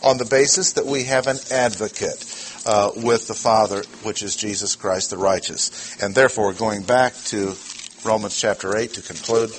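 A man teaching a sermon verse by verse, slow and deliberate, repeating his key words. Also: lowish voice, steady tone, slight background noise. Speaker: preacher. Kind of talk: expository Bible teaching.

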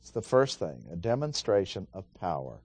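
A man's voice: sits low, very animated, normal speed, darkish tone, husky, no room sound. A man teaching a Bible study, talking casually, asking his listeners questions and reading scripture aloud with emphasis. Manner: conversational, asks the audience questions.

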